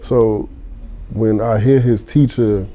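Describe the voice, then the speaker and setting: A man's voice: on the low side, steady tone, takes it slowly, dark tone. A man, a podcast guest, telling earnest personal stories in casual chat and acting out what others said. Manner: earnest storytelling, acts out quotes.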